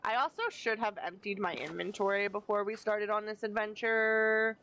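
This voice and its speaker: A woman's voice: mid-range voice, steady tone, normal speed, fairly bright tone, smooth, rough recording. A woman live-streaming a game from a home setup, chatting casually with playful, self-deprecating asides.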